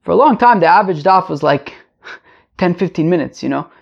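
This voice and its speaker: Chatty gravelly man teaching Talmud. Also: high-pitched, animated, fairly quick. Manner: rambling, chatty, joking asides. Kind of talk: casual daily Talmud class. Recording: lo-fi home mic.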